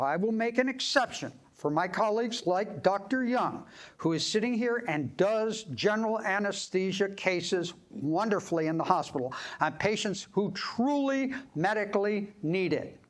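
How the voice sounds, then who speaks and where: A man, a dentist, giving a live clinical lecture and demonstration, acting out scenes with sudden excited voices. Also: rough recording. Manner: animated, acts out scenes and jumps into high excited voices. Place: clinic meeting room with live audience.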